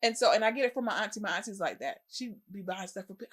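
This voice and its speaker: A young adult woman, co-hosting a podcast in casual chat and acting out stories with lively quoted voices and laughter. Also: mid-range voice, rapid-fire, slightly rough. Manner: animated storyteller, acts out quoted voices with laughter. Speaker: podcast co-host.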